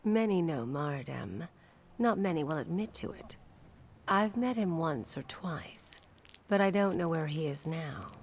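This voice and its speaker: Low-voiced wary tavern informant. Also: female voice, expressive, a little slow, a little hiss or hum. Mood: guarded. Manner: guarded, curt. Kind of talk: video game dialogue.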